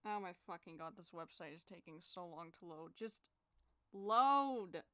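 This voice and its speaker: A woman's voice: lowish voice, expressive, unhurried, bright, forceful tone, no echo, studio quality. Exasperated young woman swearing at her screen. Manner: swearing, exasperated, muttering to herself. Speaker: digital artist streamer. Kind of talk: frustrated casual talk while drawing.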